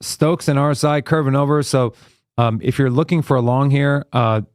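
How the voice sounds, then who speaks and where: A man's voice: medium pitch, normal speed, clean tone, no echo, clean studio sound. A man co-hosting a live trading stream, thinking aloud as he talks through chart setups in an easy, casual way. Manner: relaxed, thinks aloud with fillers while reading charts. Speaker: co-host and trader on a live trading show.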